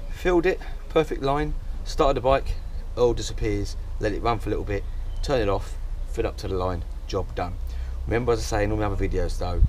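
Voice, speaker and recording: A man's voice: fairly low pitch, a little mellow. Chatty man in a noisy garage. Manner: chatty, jokey, talks himself through each step. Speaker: home mechanic. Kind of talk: casual step-by-step how-to.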